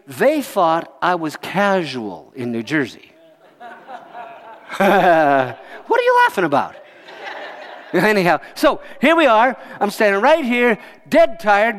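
High-voiced pastor, animated and jokey. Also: male voice, big-room sound. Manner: animated, jokey, chuckles to the crowd. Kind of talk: storytelling sermon.

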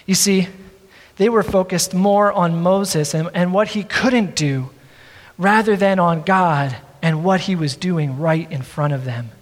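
A male pastor preaching a sermon with earnest, drawn-out emphasis and self-deprecating asides. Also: sits high, big-room sound.

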